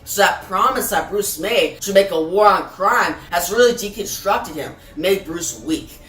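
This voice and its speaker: A man's voice: sits high, expressive, measured pace, a bit bright. Rambling man recapping comics, roomy sound. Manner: rambling, filler-heavy, addresses viewers as guys. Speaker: comic book video host. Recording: roomy, distant mic, faint music.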